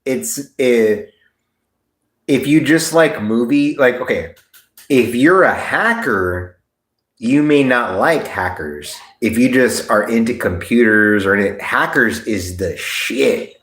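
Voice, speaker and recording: A man hosting a casual livestream, rambling and excitable, swearing freely. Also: mid-range voice, takes it slowly, reverberant. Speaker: livestream host.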